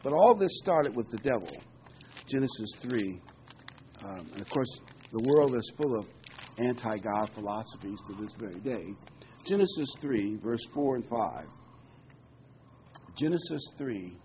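A man's voice: fairly low pitch, animated, a little slow, pauses often, lo-fi sound, a little hiss or hum. A man preaching a sermon in an earnest teaching manner, quoting and explaining scripture with frequent "um"s.

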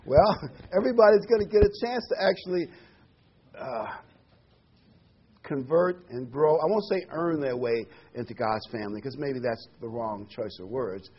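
Heard through a dull lo-fi recording, a man gives an earnest, emphatic sermon, repeating key words with the odd um. His medium-pitched voice is expressive and breathy-edged, moving at a moderate pace.

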